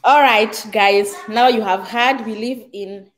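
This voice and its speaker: A woman's voice: a little high, fairly even intonation, slow pace. A middle-aged woman with a Kenyan accent, hosting a casual livestream and reading viewer comments aloud. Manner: chatty, reads viewer comments aloud, mixes in Swahili. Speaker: livestream host.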